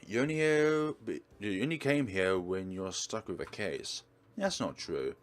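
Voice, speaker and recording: A man's voice: fairly low pitch, animated, unhurried. A man voicing an earnest young woman nurse who is loyal and a bit defensive, in a raised, eager voice. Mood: playful. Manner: raised, bright, eager delivery.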